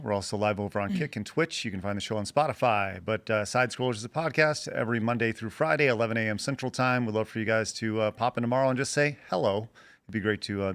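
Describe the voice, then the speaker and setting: A man's voice: medium pitch, fast, fairly bright tone, no room sound. A man appearing as a guest podcast host, chatting casually in a laid-back way. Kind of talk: casual panel talk.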